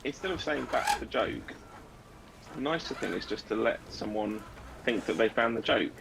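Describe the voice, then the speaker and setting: Low gravelly man, teasing co-host, noisy line. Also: animated, moderate pace. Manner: teasing, rambling. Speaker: stream co-host. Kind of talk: casual gaming chat. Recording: noticeable background noise.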